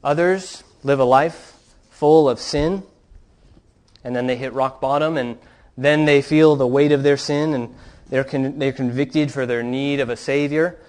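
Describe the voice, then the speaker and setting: A man preaching a sermon in an earnest, steady way, telling stories to his congregation. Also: medium pitch, measured pace. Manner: earnest preaching, reads quoted account with rising fervor. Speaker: pastor.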